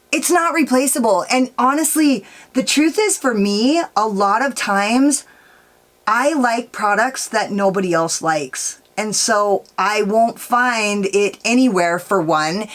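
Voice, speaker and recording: A woman chatting casually while she blends her eyeshadow on camera. She rambles through a story in a loose, foul-mouthed way, leaning hard on "like" and "dude". Her pitch sits at an ordinary middle level. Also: a bit bright. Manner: rambling, profane, peppered with "like" and "dude". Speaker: makeup vlogger.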